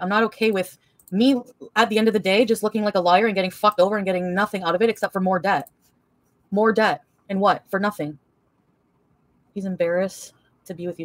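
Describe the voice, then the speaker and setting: A woman's voice: medium pitch, dry recording. Profane woman venting on a livestream. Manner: profane, emotional, rambling with many fillers. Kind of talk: angry venting rant.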